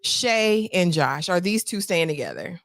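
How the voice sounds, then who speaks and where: A woman hosting a casual, slangy recap chat, telling the story with animated asides. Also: lowish voice, unhurried, creaky, dry recording, clean studio sound. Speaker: host.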